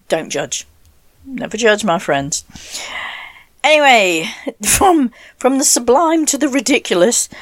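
Broadcasting a casual radio show from her bathroom, a woman speaks in a medium pitch over a dry, close-miked desk mic that she knocks often. She rambles, laughs at herself and drops whispered asides.

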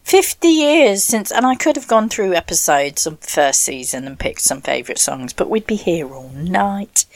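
A woman's voice: on the low side, big pitch swings, normal speed, dry recording. A woman hosting a casual radio show from home, rambling and self-deprecating with laughs and whispered asides. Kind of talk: casual chatty radio presenting. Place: bathroom, dry close-miked sound. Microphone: desk mic, knocked often.

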